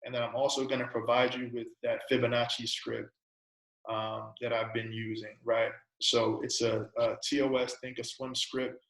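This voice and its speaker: A man's voice: mid-range voice, level tone, normal speed, fairly bright tone, roomy sound, low-quality recording. A man teaching an informal trading lesson, talking casually, tagging his points with "right?" and "you know", and asking a string of coaching questions. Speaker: trading presenter.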